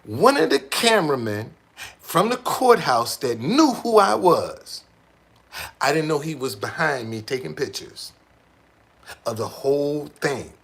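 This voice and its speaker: A man telling stories casually to a small group, animated and profane, repeating words as he goes. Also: fairly high pitch, unhurried, gravelly, breathy edge.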